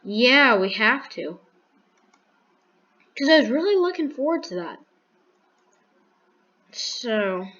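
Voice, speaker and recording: A woman's voice: fairly high pitch, big pitch swings, takes it slowly, pauses often, fairly bright tone, muffled recording. A woman giving casual commentary while building in a block game, thinking aloud with restarts, counting blocks and making dry sarcastic jokes. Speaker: gaming video creator.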